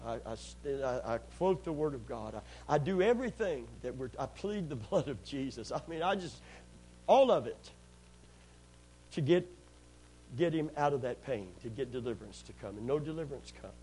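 A man's voice: medium pitch, animated, moderate pace, mellow, slight background noise, poor audio. A man preaching a sermon, telling a personal story earnestly, repeating phrases and calling out amen.

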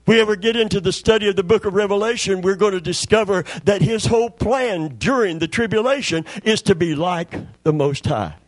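A man's voice: high-pitched, brisk, hardly any pauses, no room sound. A middle-aged man preaching a sermon in a folksy, conversational storytelling way, repeating words for emphasis. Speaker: pastor.

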